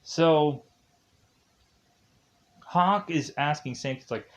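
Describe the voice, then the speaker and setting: A man's voice: mid-range voice, slow, highs cut off. A man recapping a movie plot in a casual, rambling way, full of "like" fillers. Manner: rambling, heavy use of "like". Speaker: film reviewer.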